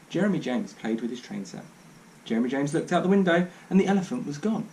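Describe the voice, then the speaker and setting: A man reads a children's storybook aloud, his voice rising and falling in lively swings. He sits a touch above the usual male pitch and narrates in a dry, wry way. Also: fast, a little hiss or hum, rough recording. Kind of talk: reading a children's book aloud.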